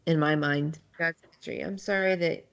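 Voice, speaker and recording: A woman's voice: low-pitched, fairly even intonation, normal speed, vocal fry, a bit bright. A woman co-hosting a fan podcast, chatting casually in a playful, joking way. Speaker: podcast co-host. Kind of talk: casual chat.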